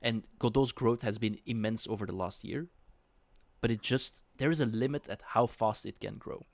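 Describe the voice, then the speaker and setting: A man's voice: lowish voice, normal speed, dry recording. Chatty man with a dry close sound. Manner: chatty, with frequent restarts and laughs. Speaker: co-host. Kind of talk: casual podcast chat.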